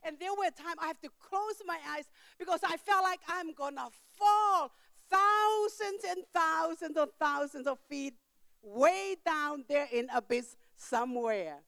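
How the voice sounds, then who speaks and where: An older woman preaching a sermon in church, telling a story with emphatic outbursts and quiet asides, in simple non-standard grammar. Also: extremely high pitch, measured pace, creaky, no echo.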